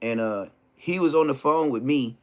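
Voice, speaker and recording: A middle-aged man recounting street drama in a casual, animated storytelling rant, full of slang and repeated phrases. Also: mid-range voice, normal speed.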